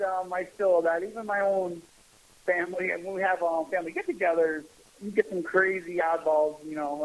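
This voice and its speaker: High-voiced man telling family stories. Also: low-quality recording. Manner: animated, laughs while telling stories. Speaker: radio show guest. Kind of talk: casual storytelling chat.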